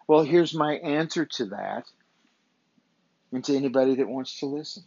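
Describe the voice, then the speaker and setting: A man's voice: mid-range voice, lively intonation, normal speed, vocal fry, a little mellow, dry recording. Blunt, profane man on a dull recording. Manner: emphatic, blunt, profane, repetitive. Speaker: podcast host. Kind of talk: motivational podcast monologue.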